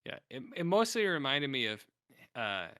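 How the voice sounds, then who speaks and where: A man's voice: mid-range voice, sing-song, normal speed, sharp tone, dry recording, clean studio sound. A young man co-hosting a podcast, casually retelling a film and acting out its lines. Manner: rambling retelling with acted-out quotes. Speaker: podcast co-host. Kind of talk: casual film review chat.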